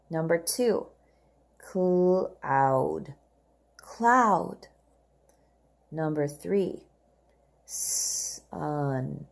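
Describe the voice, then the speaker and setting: A woman's voice: on the low side, gravelly. A woman teaching English to young learners in a recorded homework lesson, patiently modeling each word twice for the children to repeat.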